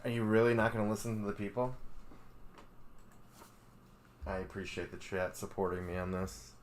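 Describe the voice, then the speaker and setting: Deep voiced guy on a stream, dry sarcastic banter, kinda fed up in a joking way. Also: steady tone, quick pace, slight background noise. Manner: dry, mock-exasperated banter. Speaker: co-host of a card-break livestream. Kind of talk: joking live-stream chat.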